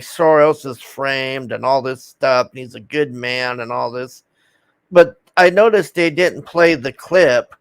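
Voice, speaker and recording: A man ranting casually to his viewers, swearing often and ending his gripes with a drawn-out "man" as his voice drops. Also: medium pitch, no echo. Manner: profane, exasperated, trailing off with "man". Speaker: video host.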